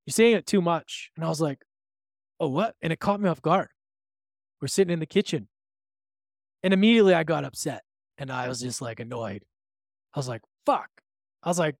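A man's voice: high voice, no echo, clean studio sound. A man hosting his own podcast, talking alone in a candid, reflective way, retelling a conversation and giving motivational advice, with the odd swear word. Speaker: podcast host. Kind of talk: reflective solo podcast monologue.

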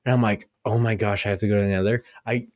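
Laughing young man, low dry voice. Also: fairly even intonation, a little mellow, dry recording. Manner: laughs often, quick banter. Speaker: podcast co-host. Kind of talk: casual chat.

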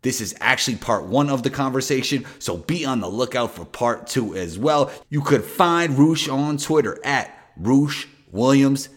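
A man's voice: medium pitch, animated, moderate pace, few pauses. A man hosting his own podcast, reading an upbeat promotional intro and then chatting easily with a guest. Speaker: podcast host.

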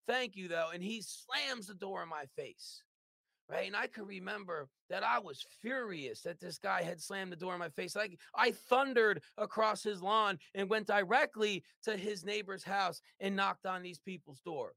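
A business owner telling his life story in an interview, animated and forever checking in with "right?". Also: sits high, normal speed, vocal fry, no echo, studio quality. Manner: animated, tags lines with "right?".

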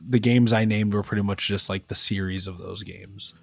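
A young man co-hosting a podcast, easygoing and quick to laugh. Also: on the low side, fairly even intonation, vocal fry, dry recording, faint music behind. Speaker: podcast co-host. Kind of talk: casual chat.

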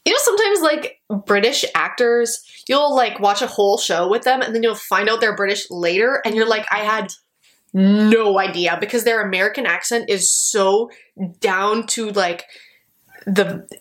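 A woman's voice: mid-range voice, moderate pace, fairly bright tone. A young woman from Canada co-hosting a podcast in casual, blunt chat, laughing often. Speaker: podcast co-host.

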